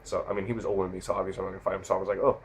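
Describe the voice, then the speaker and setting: A man's voice: sits low, very fast, slight background noise, poor audio. A sixteen-year-old boy vlogger rambling through stories into his camera mic, often correcting himself. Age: teens. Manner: rambling, self-correcting, animated retelling. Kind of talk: casual storytelling to camera.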